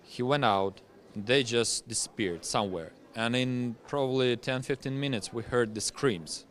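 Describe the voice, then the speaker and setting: A young man with a Ukrainian accent, a veteran guest speaking English as a second language in an interview, talking in halting phrases full of fillers and restarts. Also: medium pitch, a bit bright. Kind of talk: interview testimony.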